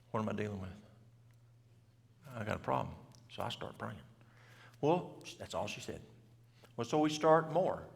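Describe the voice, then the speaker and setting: A middle-aged man, telling a story to a church audience in plain, folksy country talk. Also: medium pitch. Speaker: health seminar speaker. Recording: gravelly voice in a reverberant church hall.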